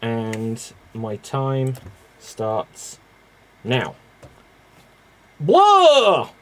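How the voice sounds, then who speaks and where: Male game host, measured pace, chatty and brisk in manner. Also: mid-range voice, slight background noise. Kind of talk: casual improv game hosting.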